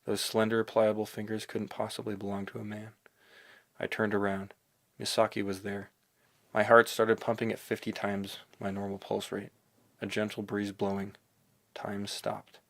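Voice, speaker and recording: A man narrating a novel in the first person, in a rambling, excitable inner monologue. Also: on the low side, moderate pace, creaky. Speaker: audiobook narrator.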